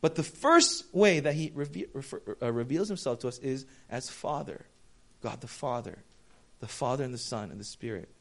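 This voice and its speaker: A man delivering a sermon in a casual, conversational tone, at a medium pitch for a man. He tells stories and acts out dialogue with lively shifts of voice as he talks to a congregation. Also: moderate pace, gravelly. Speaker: pastor.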